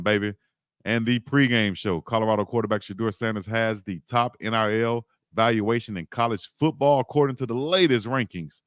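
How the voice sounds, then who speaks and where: A man from South Georgia, hosting a casual livestream and chatting loosely with shout-outs. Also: lowish voice, no room sound, clean studio sound. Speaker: livestream host.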